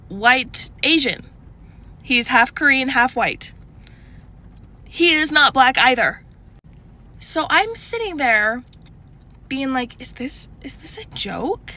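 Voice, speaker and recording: A woman in her twenties telling a casual storytime, chatty and animated, full of likes and restarts. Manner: animated, shifting pitch often.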